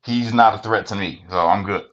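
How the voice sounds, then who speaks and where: Over a noisy crowd, a podcast co-host with a fairly low voice tells casual stories at a brisk pace. His delivery is plain-spoken, blunt, and profane, and the lo-fi audio sounds dull.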